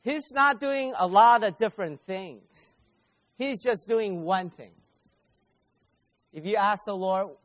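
A man preaching a sermon at a conference, speaking emphatically, repeating key phrases slowly and addressing the audience directly. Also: sits high, lively intonation.

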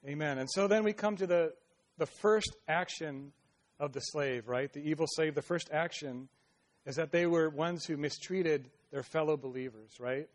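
A man preaching a sermon, reading verses slowly and then exhorting earnestly with many restarts and "right?" tags. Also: a little high.

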